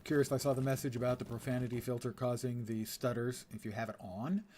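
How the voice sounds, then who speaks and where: A man's voice: mid-range voice, fairly even intonation, fast, background noise. An older man casually commenting on his gameplay while streaming, chatty and wry, with muttered asides to chat. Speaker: game streamer.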